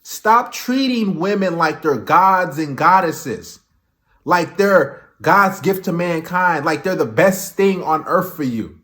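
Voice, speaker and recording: A man's voice: fairly high pitch, lively intonation, slow pace, sharp tone. Blunt, lecturing male dating coach. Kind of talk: dating advice commentary.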